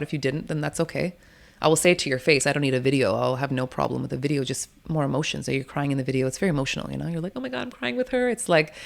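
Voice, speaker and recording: With a deep voice and vocal fry, a woman doula speaks as a guest on an interview. She's outspoken, curses offhandedly, stays animated, and laughs frequently as she makes her points.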